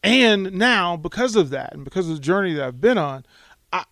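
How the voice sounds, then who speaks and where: Man, podcast host, fairly high voice, emphatic, encouraging, dry sound. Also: expressive, moderate pace, pushed and bright, no echo. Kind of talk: casual podcast chat.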